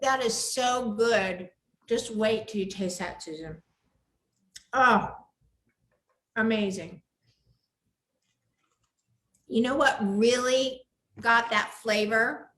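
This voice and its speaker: Gushing cooking show hostess, echoey kitchen. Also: female voice, fairly high pitch, takes it slowly, long pauses, fairly bright tone. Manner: enthusiastic, gushing. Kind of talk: live cooking demo chat. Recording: echoey room.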